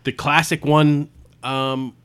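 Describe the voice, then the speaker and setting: A man takes part in a relaxed chat among friends. He throws in quick reactions and short asides, then settles into recounting a movie scene in an everyday voice. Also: a little high, clear, resonant tone. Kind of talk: casual chat.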